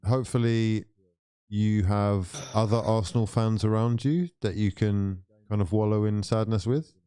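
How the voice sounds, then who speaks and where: A man's voice: on the low side, steady tone, warm tone, smooth, no room sound. A man hosting a football call-in stream, teasing his callers and calling them frauds in casual banter. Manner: teasing, calls callers frauds, quick offhand remarks.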